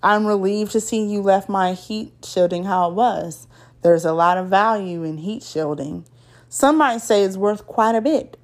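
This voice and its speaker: A woman's voice: medium pitch, a little slow, close to an everyday voice. A woman voicing a cool, menacing grown man who hides threats in friendly talk. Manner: smooth, veiled threats, then laughing and friendly.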